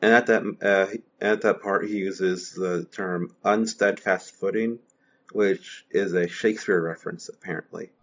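A man's voice: deep voice, fairly even intonation, a little slow. A man in a casual literary discussion who talks in a chatty, hesitant way with many fillers. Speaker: discussion co-host. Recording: dull lo-fi sound.

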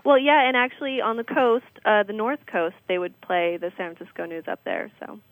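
A woman joins a podcast as a guest and reads out listener questions. She is playful and chatty, and her medium-pitched voice is close and dry. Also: lively intonation, a little fast, dry recording, low-quality recording. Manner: playful, laughs easily. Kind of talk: casual podcast chat.

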